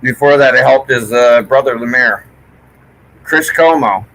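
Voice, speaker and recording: A man's voice: mid-range voice, a little slow, a bit bright, slight background noise, low-quality recording. A middle-aged man with a Newfoundland accent, chatting casually and swearing freely. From Newfoundland, Canada. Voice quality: gravelly, swears a lot. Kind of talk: casual chat.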